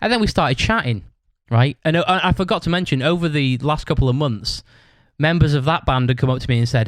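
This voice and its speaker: A man's voice: fairly high pitch, brisk, no echo. Sweary, rambling man telling a story. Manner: rambling, swears constantly, tags lines with "right?". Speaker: podcast host. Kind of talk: casual storytelling monologue.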